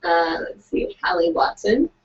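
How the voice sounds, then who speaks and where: An upbeat young woman co-hosts a writing livestream and reads out short excerpts, laughing easily. Her voice has a gravelly fry. The room is echoey and the sound dull and lo-fi. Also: very high voice, a little slow. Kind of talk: casual chat, reading out submissions.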